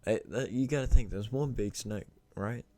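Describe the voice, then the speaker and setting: A man's voice: fairly low pitch, normal speed, warm tone. A young man hosting a reaction video, talking in a rambling, informal way and correcting himself as he goes. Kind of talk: casual reaction commentary.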